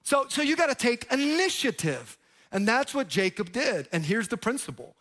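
A male pastor preaching a sermon, emphatic, with sudden loud rises and drops, joking with the crowd. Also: very high voice, very animated, normal speed. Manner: jokes with the crowd.

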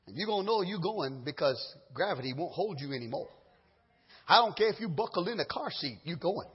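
A man delivers an impassioned sermon in a high, husky voice, dropping to low murmurs and then rising to loud cries. His words often stumble and restart. The recording is dull and lo-fi, with a long reverb from a large hall. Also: animated, brisk. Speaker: preacher.

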